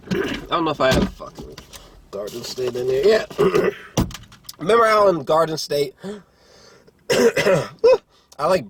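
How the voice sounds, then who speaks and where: A young man giving a casual movie review, rambling and profane, with lots of filler words and throat clearing. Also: medium pitch. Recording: faint background noise.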